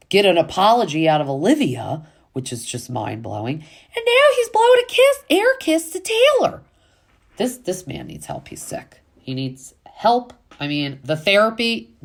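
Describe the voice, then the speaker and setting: A woman hosting a casual reality TV recap, chatty and full of fillers, with exasperated asides. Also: very deep voice.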